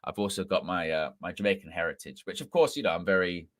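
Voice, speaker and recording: A man with a mixed English accent hosts a casual football fan live stream. His voice sits a little low but comes across bright and forceful. The sound is dry and close, and he rambles, repeating and correcting himself as he talks. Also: fast talker, dry recording. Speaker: football channel host.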